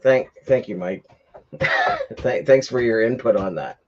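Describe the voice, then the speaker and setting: A man's voice: mid-range voice, unhurried, dull audio. A man hosting a casual livestream, telling a long rambling story with lots of fillers and restarts. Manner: rambling, many fillers, gets heated retelling. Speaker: livestream host.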